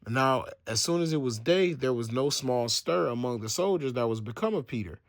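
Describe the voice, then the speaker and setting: A man leading a casual Bible study, reading old-fashioned scripture and then retelling it in loose everyday slang. His voice sits at an ordinary middle pitch. He often restarts his sentences and thinks out loud as he goes. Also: lively intonation, moderate pace. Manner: reads scripture then explains it in casual slang, acting out the people in the story; stumbles and restarts, thinks aloud while checking facts. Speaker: Bible teacher.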